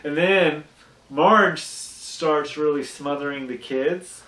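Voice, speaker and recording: A podcast co-host with a slightly high, sharp-toned voice speaks slowly while casually recapping a cartoon episode. He rambles, restarts often, and acts out character quotes. The room is echoey and the mic sits at a distance.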